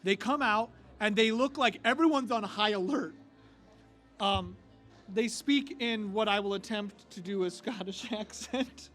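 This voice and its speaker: A man narrating a live tabletop game as game master, casual and quick. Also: sits high, a bit bright. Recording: live stage with faint music.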